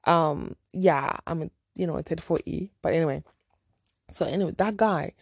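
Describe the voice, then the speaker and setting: A woman's voice: deep voice, normal speed, creaky, slightly rough, no echo, studio quality. A woman from Zimbabwe telling a story in casual vlog chat, frank and rambling with lots of fillers. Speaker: vlogger.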